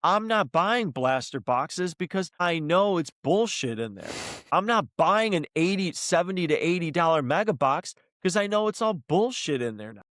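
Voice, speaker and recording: A man's voice: fairly high pitch, sing-song, moderate pace, fairly bright tone, no room sound, studio quality. A man co-hosting a casual podcast, worked up and ranting, swearing freely as he argues his point. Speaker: podcast co-host. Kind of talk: heated casual podcast discussion.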